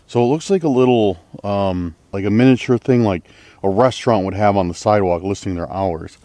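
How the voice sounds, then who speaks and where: Speaking a little fast in a lowish voice with a dark tone, a trail-exploring vlogger addresses his camera in a nighttime forest. He rambles nervously and leans heavily on fillers, with no echo in the sound.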